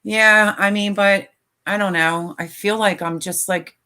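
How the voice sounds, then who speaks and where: An older woman's mid-range voice, smooth yet sharp in tone, moves a little slowly with fairly even intonation. Chatting on a live stream, she sounds tired and emotional, rambling with many fillers and tearing up at times.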